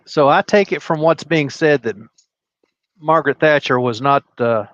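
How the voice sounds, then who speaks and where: A man on a livestream call, telling stories in a halting way with frequent restarts and chuckles. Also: on the high side, a bit bright, no echo, muffled recording. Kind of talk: casual storytelling chat.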